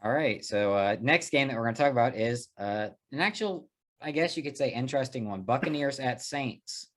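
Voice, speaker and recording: A man hosting a casual sports podcast, leading the picks with quick, teasing banter. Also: mid-range voice. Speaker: podcast host.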